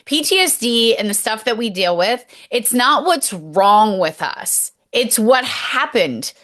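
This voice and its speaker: A woman's voice: fairly high pitch, expressive, a bit bright. A woman hosting a podcast interview, speaking in an empathetic, reflective way. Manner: empathetic, reflective, speaks slowly when making a point. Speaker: podcast host. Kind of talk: casual interview talk.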